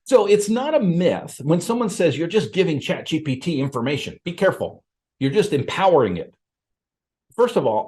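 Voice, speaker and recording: A man's voice: medium pitch, a little mellow. A middle-aged man hosting a podcast, talking straight to camera in an earnest, plain-spoken way, with frequent fillers and restarts. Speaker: podcast host and appraiser coach. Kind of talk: casual direct-to-camera talk.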